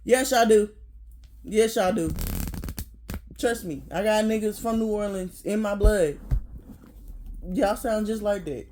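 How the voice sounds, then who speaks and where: A vlogger in a casual rant to camera, blunt and profane, often laughing, dropping to low mutters then bursting out loud. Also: slight background noise.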